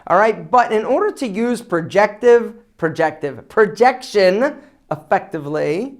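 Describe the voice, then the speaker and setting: A man hosts an advice vlog, speaking straight to the viewer. His delivery is energetic and emphatic, and his pitch swings widely as he punches out his points. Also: a little slow. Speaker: men's style channel host. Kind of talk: casual advice vlog to camera.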